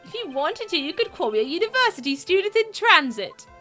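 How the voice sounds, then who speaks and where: A woman's voice: very high-pitched, big pitch swings, a little fast, pushed and bright, faint music behind, pitched above the performer's own voice, full character voice. A woman voicing a pompous, posh young male drifter who talks at length with theatrical haughtiness in a game read-through. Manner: haughty, long-winded, theatrical.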